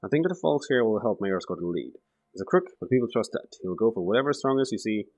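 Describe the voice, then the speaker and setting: A man's voice: on the low side, lively intonation, fast talker, darkish tone, dull audio. A man voicing a weary, jaded woman who once ran a saloon, reading her game lines aloud. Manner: reads game dialogue aloud.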